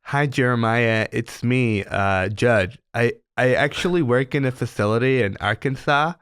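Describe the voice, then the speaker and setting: A man voicing a hesitant male radio caller who works at a facility, talking haltingly with lots of ums and uhs. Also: mid-range voice, fairly bright tone, smooth, no room sound, clean studio sound, natural voice. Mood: earnest.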